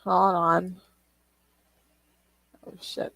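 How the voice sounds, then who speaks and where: A young woman chats to her stream as she draws, rambling from one thought to the next and swearing freely. She talks at an unhurried, drawn-out pace. Her voice sounds close and dry, with no room echo. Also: fairly low pitch, level tone, creaky, a bit bright. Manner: chatty and rambling, swears and laughs often. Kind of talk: casual livestream chat while drawing.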